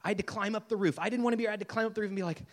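Animated male youth preacher in his thirties, a bit high, with a long hall echo. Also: racing. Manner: animated, joking, talks straight to the crowd. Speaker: Catholic youth speaker. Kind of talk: sermon to a youth conference.

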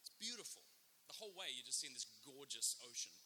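An Australian man, a father of four, telling a funny true story to an audience with lively, acted-out storytelling and loud bursts. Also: mid-range voice, quick pace, slight background noise. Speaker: speaker giving a talk. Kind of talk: comic storytelling to a live audience.

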